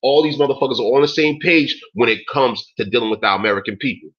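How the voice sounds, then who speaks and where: A man in his forties hosts a talk stream, ranting casually in a fast, mid-range voice. He's emphatic and profane, tossing in "yo" and "man" often, and the lo-fi recording sounds dull.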